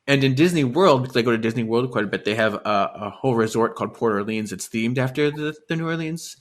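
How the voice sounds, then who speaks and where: A man co-hosting a podcast, casually recapping a novel and acting out the characters' lines with quick laughs. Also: medium pitch. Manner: animated retelling, acts out characters' lines with laughs. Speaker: podcast co-host. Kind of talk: casual book-recap chat.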